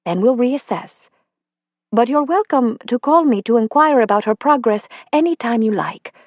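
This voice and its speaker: A woman reading an audiobook puts on a kind female doctor with a slight accent, set a little higher than a plain reading voice. She speaks in a gentle, measured, reassuring way. The sound is close and dry, with no room around it. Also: lively intonation, dry recording, highs cut off. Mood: calm reassuring.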